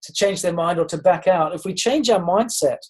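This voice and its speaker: A man's voice: sits high, normal speed, a little mellow, slightly rough, low-quality recording. A man giving a motivational leadership talk on a group call, earnest and encouraging, asking his listeners questions and often restarting with ums. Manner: asks listeners direct questions. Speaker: leadership coach.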